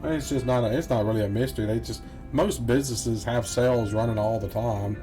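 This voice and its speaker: A man's voice: medium pitch, fairly quick, music in the background. A middle-aged man chatting casually and ramblingly over gameplay, often chuckling to himself. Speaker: gameplay commentator. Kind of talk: casual let's-play commentary.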